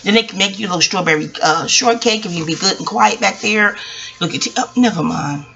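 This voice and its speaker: A woman's voice: medium pitch, a little fast, creaky, dull audio. A woman in her forties with a New York accent, rambling casually and profanely about her childhood and a book. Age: 40s. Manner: profane, animated storytelling with asides. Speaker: book reviewer.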